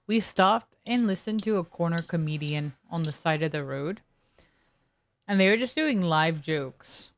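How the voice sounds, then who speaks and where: A woman's voice: fairly low pitch, animated, unhurried. A young woman streaming a video game, chatting casually with her viewers and telling a long, rambling story full of fillers and restarts. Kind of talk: casual chat while gaming.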